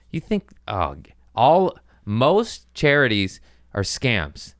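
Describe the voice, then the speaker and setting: A man's voice: fairly low pitch, wildly swooping pitch, slow pace, a bit bright, no echo, clean studio sound. A man hosting a podcast, talking loosely and profanely in a jokey comedic rant.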